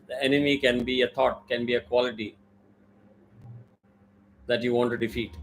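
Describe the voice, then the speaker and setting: A man's voice: mid-range voice, level tone, moderate pace, long pauses, faint music behind, rough recording. A man teaching a mantra in an online class, with careful pronunciation drills and many fillers. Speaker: Vedic chanting teacher.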